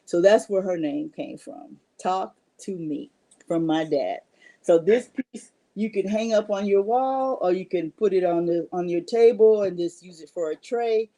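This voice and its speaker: A middle-aged woman artist sells her work on a livestream in casual sales talk, chatty and rambling with frequent restarts. Her warm, low voice is a little slow, and she sounds out of breath.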